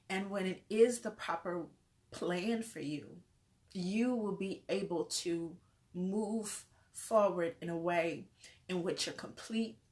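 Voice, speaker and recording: A woman life coach giving an earnest, faith-filled motivational talk to camera, repeating phrases in rolling lists. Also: lowish voice. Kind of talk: motivational vlog.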